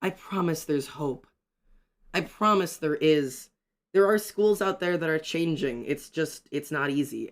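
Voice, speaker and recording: A young man chatting excitedly on a livestream while drawing, ranting and greeting his chat. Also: a little high.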